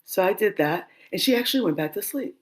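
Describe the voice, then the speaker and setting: A woman guest telling a story in a casual interview, lively, laughing and acting out the dialogue. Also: medium pitch, quick pace. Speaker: doula and guest.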